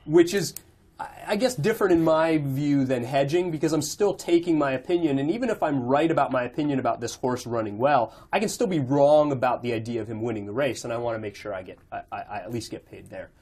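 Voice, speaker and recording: A man's voice: medium pitch, fast talker, darkish tone. Easygoing male podcast host. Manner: easygoing, agreeable. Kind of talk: casual podcast discussion.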